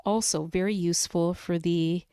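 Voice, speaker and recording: A woman guest on a podcast, reading chapters of a novel aloud in a careful, measured way. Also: on the low side, fairly even intonation, mellow, clean tone, no echo, studio quality.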